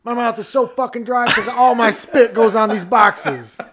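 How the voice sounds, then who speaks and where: A man putting on a brash casino pitchman, loud, swearing, all over-the-top sales hype. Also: steady tone, moderate pace, a crowd in the background. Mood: hyped. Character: brash male casino pitchman promising spit-proof booths.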